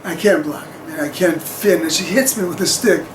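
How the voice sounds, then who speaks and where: A man's voice: fairly high pitch, normal speed, roomy sound, slight background noise, poor audio. A man telling a personal story to camera in a rambling, chuckling way with plenty of fillers.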